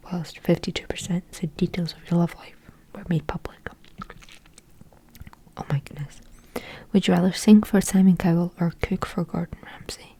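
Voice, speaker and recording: Breathy whispering woman, ASMR ramble. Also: on the low side. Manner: soft, musing, thinks aloud with many fillers. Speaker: ASMR creator.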